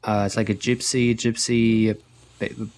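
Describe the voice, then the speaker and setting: A man co-hosting a podcast, talking earnestly in a casual conversation and lifting his voice as he acts out remembered reactions. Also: a little slow. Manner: earnest and expressive, jumps higher acting out quoted reactions. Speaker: podcast co-host.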